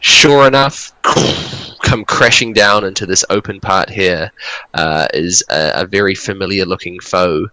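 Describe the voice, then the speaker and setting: A man narrating as game master in a casual, halting way, with many fillers. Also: low voice, pushed and bright, dry recording, poor audio. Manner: casual, hesitant, lots of fillers.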